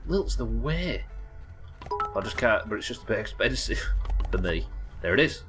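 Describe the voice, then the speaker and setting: A man's voice: on the low side, brisk, pushed and bright, faint music behind. A young British man streaming a game live, chatting casually, laughing often and swearing freely. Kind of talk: casual live gameplay chat.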